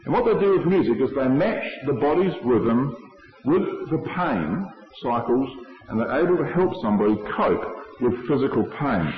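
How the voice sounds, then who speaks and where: A man delivers a measured, explanatory sermon to a congregation. His voice rings through a large reverberant hall, and the recording sounds dull and lo-fi. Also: medium pitch, big pitch swings. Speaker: preacher.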